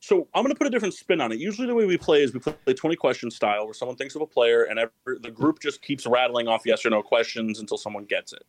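A man's voice: mid-range voice, animated, fast, hardly any pauses, no room sound, poor audio. A man hosting a casual sports podcast, rambling and correcting himself, laughing often. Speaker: podcast host.

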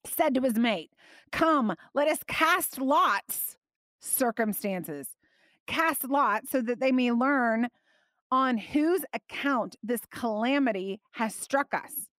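A woman teaching a Bible passage in an animated, emphatic way, often laughing. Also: fairly high pitch, no echo, studio quality.

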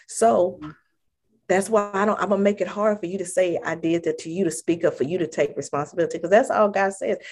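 Casting: husky woman, slightly low, animated casual faith talk, playful. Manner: animated, acts out prayers with big pitch jumps, laughs often.

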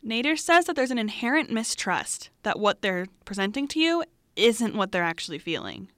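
A woman's voice: mid-range voice, very animated, moderate pace, fairly bright tone, no echo, clean studio sound. A young woman hosting a student podcast, reading a script with wry asides to the listener. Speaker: student podcast host and reporter.

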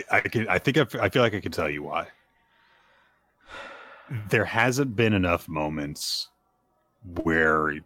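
A man co-hosting a podcast, casually recapping manga chapters and acting out characters' lines as he goes. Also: sits low. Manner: animated retelling, voices characters' lines. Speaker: podcast co-host.

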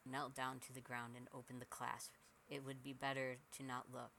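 A man narrating a first-person horror story in a steady, measured way. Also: medium pitch, creaky, slight background noise, low-quality recording.

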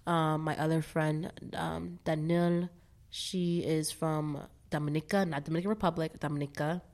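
A young woman with a low, steady, slightly mellow voice talks at a normal speed. Raised in the US by a Barbadian family, she's a podcast guest in a casual chat, speaking candidly, swearing freely, and laughing often.

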